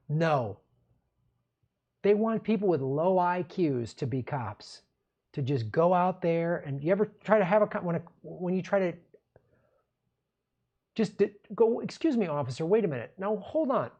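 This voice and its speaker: A man's voice: high voice, unhurried, long pauses, mellow, highs cut off. Angry, profane male political ranter. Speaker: political commentary show host. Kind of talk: ranting political commentary.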